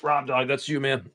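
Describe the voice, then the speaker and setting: A man's voice: a little high, vocal fry, fairly bright tone, breathy edge. A man from Massachusetts hosting a casual live stream, rambling in a laid-back way and swearing freely. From Massachusetts, USA.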